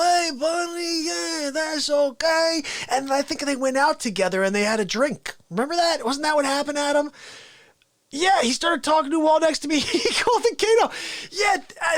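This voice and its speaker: A man hosting a live show, telling an improvised comic story in a rambling, playful way. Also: a bit bright. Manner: rambling, playful, with sudden jumps in pitch. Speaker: host.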